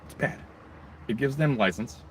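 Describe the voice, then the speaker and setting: A mid-range, slightly bright male voice at a moderate pace, with slight background noise: a video blogger on his own channel, rambling through an angry, profanity-heavy rant punctuated by mocking asides.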